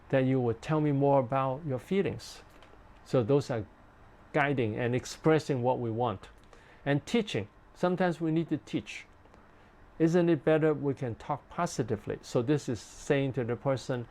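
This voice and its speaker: A man, a pastor, giving a ministry training talk in simple, repeated phrases with many "uh" fillers, sometimes acting out gentle questions a spouse might ask. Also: mid-range voice.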